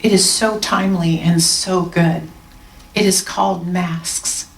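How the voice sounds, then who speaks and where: A woman minister giving a gentle, reflective Sunday sermon with slow, soft pauses. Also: on the low side, steady tone. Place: church sanctuary. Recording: roomy sound, mic at a distance.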